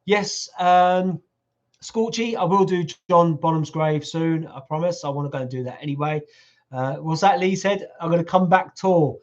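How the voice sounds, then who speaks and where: A middle-aged man hosts a casual live stream, joking and teasing as he answers viewers. His voice sits fairly high for a man and is wearing a little hoarse. The sound is dull and lo-fi. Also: normal speed, darkish tone. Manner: jokey, teasing, chatty. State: voice going hoarse. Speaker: livestream host reading viewer comments. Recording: lo-fi livestream audio.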